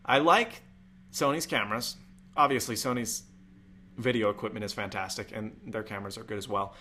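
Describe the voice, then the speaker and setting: A man's voice: on the low side, fairly even intonation, brisk, sharp tone, a little hiss or hum. A young man hosting a casual tech live stream, chatty and rambling, with jokey asides. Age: young adult. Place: home room.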